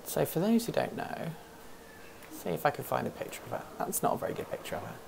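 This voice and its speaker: A woman's voice: deep voice, sing-song, fast, creaky, background noise. A woman hosting a casual livestream from an office, rambling, thinking aloud and answering chat questions as she goes. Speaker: host of a livestream hangout. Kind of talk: casual live-stream chat.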